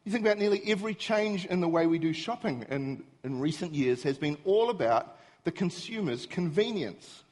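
Middle-aged guy telling a funny story to a crowd, high voice that jumps all over. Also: moderate pace. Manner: self-mocking, animated, gets exasperated. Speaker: speaker. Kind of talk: humorous storytelling talk to an audience.

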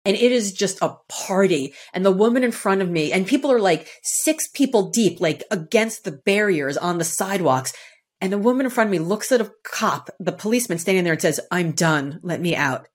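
Woman on a podcast telling a story, animated, does little voices for the quotes. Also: fairly quick. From Boston area, United States. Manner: lively, acts out quotes with shifting pitch. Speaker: podcast guest, author and speaker.

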